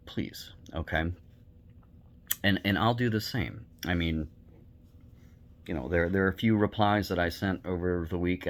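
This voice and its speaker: A male teacher giving a recorded online lecture, talking bluntly and conversationally with many fillers. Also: low voice.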